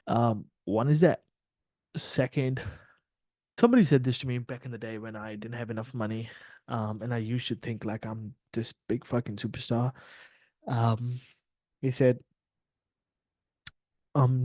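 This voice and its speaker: A man's voice: medium pitch, unhurried, pauses often, no echo. Blunt, profane man, dry close sound. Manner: blunt and profane, animated, acts out quotes. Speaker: trading mentor. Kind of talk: casual livestream talk.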